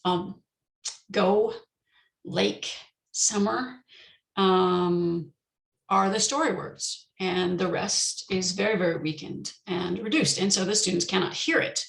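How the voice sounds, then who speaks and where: A woman's voice: medium pitch, gravelly, fairly bright tone, roomy sound. A woman teacher giving an online conference talk, explaining step by step with frequent ums and restarts.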